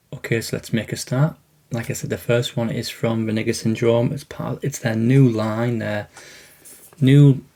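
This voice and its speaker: A man hosts a relaxed unboxing vlog, showing off his latest disc purchases. His voice has a gravelly fry and a dark, mellow tone. He talks in a loose, meandering way, often pausing with fillers and starting his sentences over. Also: mid-range voice. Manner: rambling, hesitant, many fillers and restarts. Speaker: collection vlog host.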